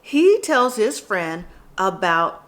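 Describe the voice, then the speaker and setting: A woman's voice: medium pitch, sing-song, takes it slowly, fairly bright tone. A woman casually recapping a reality TV episode, chatty and opinionated, talking straight to the people she watches. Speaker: TV recap vlogger.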